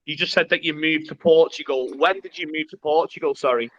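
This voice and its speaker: A man's voice: fairly high pitch, fairly quick. A man with a Cheshire accent hosting a casual online interview, laid-back and matey. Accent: Cheshire, northern English. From Cheshire, England. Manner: laid-back, matey, calls guest bro. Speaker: host. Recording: dull lo-fi audio.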